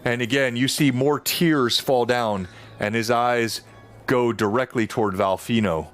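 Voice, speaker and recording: A man's voice: medium pitch, unhurried, fairly bright tone, faint music behind. A man running a tabletop game on a live stream, narrating scenes and thanking viewers and players. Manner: thanks chat and players, laughs easily. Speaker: game master.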